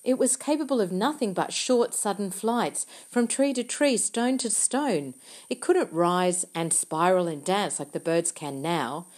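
A woman reads an audiobook, voicing an earnest young girl who explains things with intense, insistent eagerness. Her own voice is mid-range, unhurried, and darkish in tone, with light acting.

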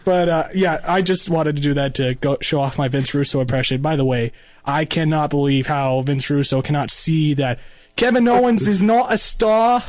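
A man with a notably high speaking voice co-hosts a casual podcast. He talks through events conversationally and laughs often. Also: steady tone, normal speed, darkish tone. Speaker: podcast co-host. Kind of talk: casual chat.

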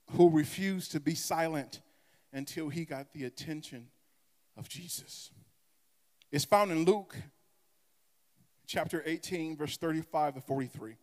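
High-voiced male pastor preaching in a hall. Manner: dramatic preaching with swings between soft asides and loud cries; call-and-response with the congregation. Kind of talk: sermon.

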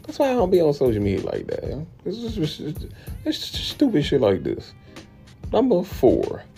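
A young man, hosting a podcast and ranting bluntly and profanely, often jumping into high incredulous tones. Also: huge pitch swings, normal speed, warm tone, faint music behind. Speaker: podcast host. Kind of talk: casual podcast rant.

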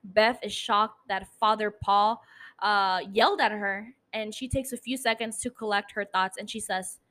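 A woman's voice: mid-range voice, steady tone, unhurried, a bit bright, low-quality recording. A woman hosting a podcast from her apartment, casually recapping an episode and swearing freely as she talks into a mic. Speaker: podcast host. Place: home apartment. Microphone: studio mic.

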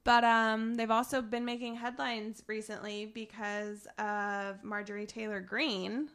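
A woman's voice: fairly high pitch, flat delivery, measured pace, fairly bright tone, clear, resonant tone. A young woman co-hosting a casual political chat podcast, talking in a chatty way with many fillers and restarts.

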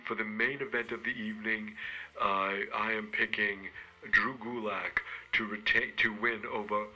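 Rambling, halting man with a sharp voice. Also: on the low side, dull audio. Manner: rambling, halting, self-mocking. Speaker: podcast co-host giving wrestling picks. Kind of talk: comedic rambling monologue.

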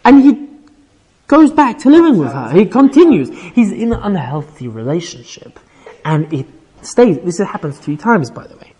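A man's voice: sits high, slightly rough. A man teaching an informal Bible class, retelling the story with energy, quoting Hebrew verses and checking in with "right?" as he goes. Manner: animated storytelling, quotes Hebrew verses then paraphrases, frequent "right?".

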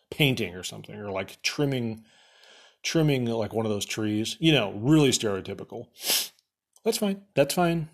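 A young man casually recapping a movie for laughs, rambling with lots of fillers and sarcastic asides. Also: on the low side.

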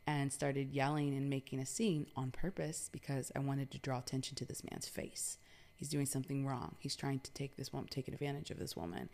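A woman's voice: rumbling low, little pitch movement, moderate pace, creaky, warm tone. A woman from New York telling a personal story in a casual, chatty way, with lots of fillers and some swearing.

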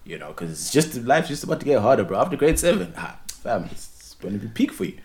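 A man's voice: medium pitch, big pitch swings, fast talker, darkish tone. A man co-hosting a podcast in casual chat, rambling and repeating words as he restarts his thoughts. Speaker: podcast co-host.

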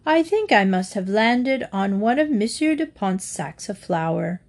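A woman's voice: mid-range voice, expressive, measured pace. A woman voicing a small, polite, anxious young bear in a storybook read-aloud, earnest and politely flustered. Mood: worried.

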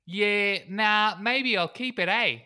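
A cheeky little hobbit fellow, as a man puts him on, drawling slang in a clumsy fake New Zealand accent that keeps sliding South African. The voice sits well above the man's own and comes out loud. It is a podcast goof on a fantasy tale. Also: high voice, takes it slowly, smooth, voice pushed up, exaggerated voice. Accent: clumsy fake New Zealand accent drifting South African. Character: cheeky small male hobbit, laid-back.

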